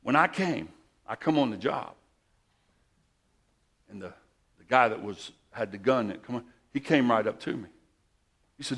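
A man preaching a sermon, repeating phrases and swinging between loud bursts and hushed asides. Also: on the low side, normal speed, pauses often.

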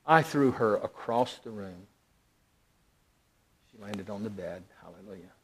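A middle-aged man, a pastor, telling a personal story in a sermon, swinging dramatically between loud emphasis and hushed, near-whispered lines. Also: lowish voice, expressive, unhurried, slight background noise.

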